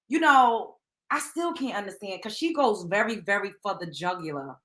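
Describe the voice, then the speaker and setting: A woman's voice: medium pitch, sharp tone. A woman hosting a show, reacting to a clip with indignant, emphatic commentary. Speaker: show host.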